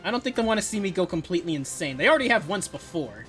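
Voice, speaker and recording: A man's voice: high voice, sing-song, rapid-fire, a bit bright, soft background music. A young man streaming a game live, joking and chatting with his audience. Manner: joking, chatty, reacting to cutscenes. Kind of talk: casual live-stream chat.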